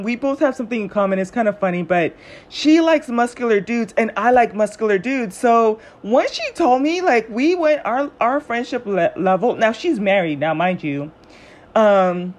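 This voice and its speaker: A young woman telling a personal story in a chatty monologue on her podcast. She acts out the quoted lines of the people in her story. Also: on the high side. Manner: chatty, animated retellings with quoted voices. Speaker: podcast host.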